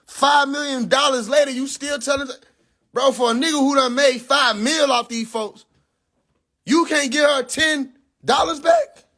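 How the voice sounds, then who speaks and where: A young man hosting a livestream, ranting in a casual, profane way. He speaks, sounds incredulous and animated, and breaks into laughter often. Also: very high-pitched, unhurried. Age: young adult. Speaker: livestream host. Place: in a car.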